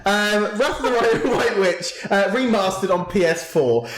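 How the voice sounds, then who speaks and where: A man's voice: high-pitched, lively intonation, moderate pace, echoey room, background noise. A man co-hosting a casual gaming podcast, rambling through a plot summary with jokes and self-corrections. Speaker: podcast co-host.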